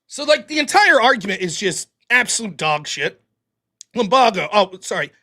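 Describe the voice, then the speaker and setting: Bright, lively-voiced man reading super chats. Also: moderate pace. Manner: reads donor messages in a lower, quieter voice; mocking, sarcastic humor. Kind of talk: casual live-stream chat.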